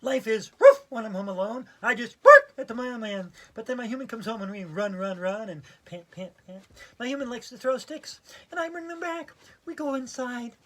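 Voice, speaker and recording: A woman's voice: fairly high pitch, voice pushed up. A woman voicing a cheerful pet dog who tells about its day in a bouncy, playful way.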